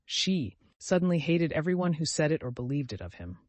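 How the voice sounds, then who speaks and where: A man narrating an audiobook in a steady, measured reading voice. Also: fairly high pitch, no room sound. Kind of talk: scripted narration.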